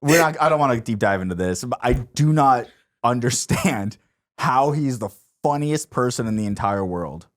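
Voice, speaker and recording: Male podcast co-host, casual, giggly, lively pitch swings. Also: normal speed. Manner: giggly, swearing, animated. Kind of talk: casual chat.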